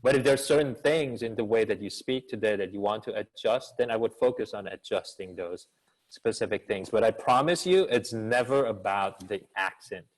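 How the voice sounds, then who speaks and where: A man with a lowish voice, a business school professor and communication coach, answers questions in an online seminar conducted over video call. He speaks with an actor's expressiveness and an energetic coaching tone, asking many rhetorical questions. The recording is rough.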